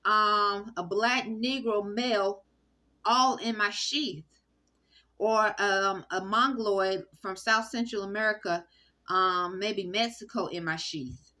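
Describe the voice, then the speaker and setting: A woman talking to the camera in a rambling personal monologue, halting often with fillers and restarts, recorded on a phone in an indoor room. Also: mid-range voice, sharp tone. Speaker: vlogger.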